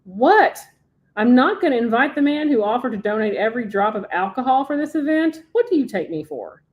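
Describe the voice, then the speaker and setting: A woman's voice: on the high side, big pitch swings, fairly quick, phone-quality sound, voice pushed up. A woman reading as a gushing socialite mother. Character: gracious, socialite mother, middle-aged.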